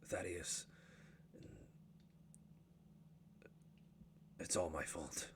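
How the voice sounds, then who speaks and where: A man voicing an old male dwarf and worried father, who speaks haltingly and sounds choked up. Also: lowish voice, slight background noise, pitched below the performer's own voice. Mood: worried, apologetic.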